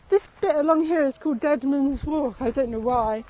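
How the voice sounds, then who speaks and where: A high-pitched woman chats her way through a walking tour outdoors, speaking into a handheld phone as she goes. She rambles, laughs often, and sounds slightly out of breath. Faint open-air ambience sits behind her voice. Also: a little fast, few pauses, noisy background. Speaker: tour guide. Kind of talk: live-streamed walking tour. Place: outdoors in a city meadow and gardens.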